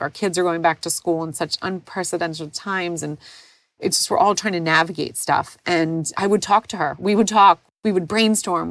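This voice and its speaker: A woman's voice: on the low side, dry recording. A woman in her forties hosting a podcast, talking through personal memories in a tender, emotional, heartfelt way. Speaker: podcast host. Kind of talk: personal reflective monologue.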